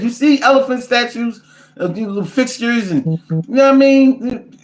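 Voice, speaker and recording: A man, telling comic stories and reading viewer comments in a profane, animated, rambling way. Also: very high voice, moderate pace, echoey room. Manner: animated, profane, rants with repetition. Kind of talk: casual comedic storytelling.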